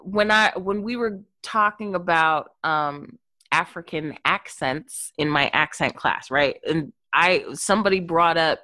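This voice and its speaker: Low-voiced animated woman, dry sound. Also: measured pace, dry recording. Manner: emphatic, animated storytelling. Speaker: actor and accent teacher. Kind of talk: casual interview talk.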